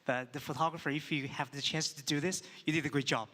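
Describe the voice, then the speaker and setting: A man judging photos on a panel, talking in excited exclamations. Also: fairly high pitch, fast. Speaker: photography judge. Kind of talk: panel critique. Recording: distant mic with hall reverb.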